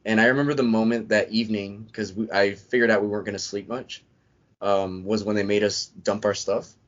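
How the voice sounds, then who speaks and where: A man's voice: lowish voice, steady tone, fairly quick. A man on a podcast as a guest, retelling his story in a casual, rambling way with lots of "I'm like" asides. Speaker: podcast guest, Marine veteran. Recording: dull lo-fi podcast audio.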